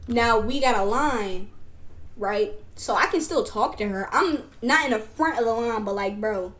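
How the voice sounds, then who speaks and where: A young woman streamer telling a school story to her chat, animated, loose and full of slang. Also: a little high, unhurried. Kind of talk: casual storytime chat with viewers.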